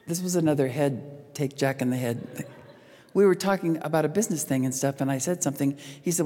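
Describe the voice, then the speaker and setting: A middle-aged woman speaking to an audience about relationships, a lively storyteller who acts out the lines she quotes. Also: low-pitched, fairly quick. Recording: long hall reverb.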